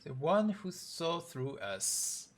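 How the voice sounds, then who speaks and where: A man's voice: a little high, very animated, slow. A man on a live stream reading a game's story aloud, voicing every character in his own voice and getting emotional.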